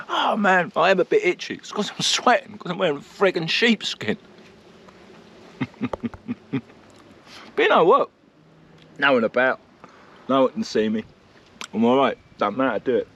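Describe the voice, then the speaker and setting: A man's voice: a little high, a bit bright, husky. A man chatting casually to camera while camping in the countryside, self-mocking and laughing often. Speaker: vlogger. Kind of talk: casual vlog chat to camera. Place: outdoors at a countryside campsite.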